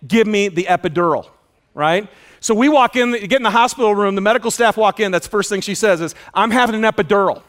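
Male pastor, high voice, animated sermon storyteller who shouts out quoted lines. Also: brisk. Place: auditorium.

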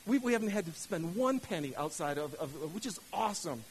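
Fired-up high-voiced male pastor preaching. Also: big pitch swings, brisk, slight background noise, low-quality recording. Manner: fired-up, repetitive, stammering restarts. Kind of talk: sermon.

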